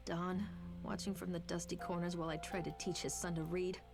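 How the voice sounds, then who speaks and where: A woman's voice: lowish voice, level tone, fairly quick, gravelly. An actress voicing a haunted, grieving young mother in a horror game, narrating in a somber, reflective way. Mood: mournful. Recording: game narration with music behind.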